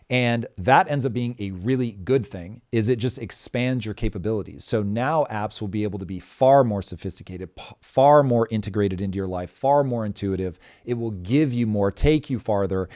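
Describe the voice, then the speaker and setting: A man's voice: on the low side, dark tone, no room sound, clean studio sound. A man hosting a live stream, reading headlines and chatting with energy, swearing and restarting his sentences. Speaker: host. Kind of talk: live-stream news chat.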